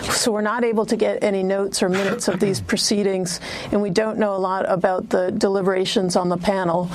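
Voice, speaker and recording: A woman speaking as a newspaper guest in a broadcast news interview. She explains things carefully at an even pace, with occasional 'uh's. Her voice sits at a middle pitch. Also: noisy background. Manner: measured, explanatory, some fillers.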